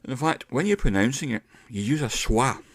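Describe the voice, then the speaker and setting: A middle-aged man giving a casual pronunciation lesson, explaining step by step and slowing down to demonstrate sounds. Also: mid-range voice, lively intonation, no room sound. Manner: unhurried, explains step by step with slowed demonstration words. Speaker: English pronunciation teacher.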